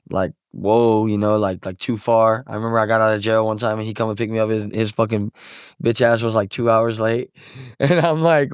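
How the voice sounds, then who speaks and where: A man's voice: fairly low pitch, steady tone, brisk, clean tone, dry recording, clean studio sound. A young man from Missouri, a musician guest telling stories in casual, profane, rambling talk full of filler words. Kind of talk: casual podcast storytelling.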